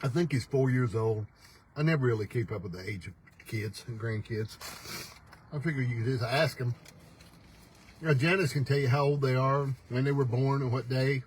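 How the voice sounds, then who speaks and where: A man's voice: mid-range voice, moderate pace, slight background noise, low-quality recording. An older man hosting a casual morning livestream, folksy and teasing, laughing often as he talks. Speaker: host. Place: pickup truck.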